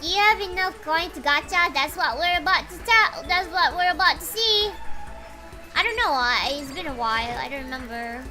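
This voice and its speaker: High-voiced, excitable woman streamer. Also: moderate pace. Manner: excitable, chatty, talks to chat. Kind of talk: casual game livestream chat. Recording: loud game music behind.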